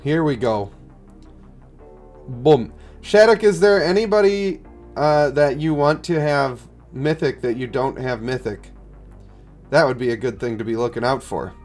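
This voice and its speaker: A man streams a game and chats in a relaxed, low-key way while he answers viewers. He sounds stuffed up, his voice sits at an ordinary middle pitch, and faint music plays under him. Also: unhurried. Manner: chatty, low-key, reading and answering chat. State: congested, stuffed up. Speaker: gaming streamer. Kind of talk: casual live-stream chat.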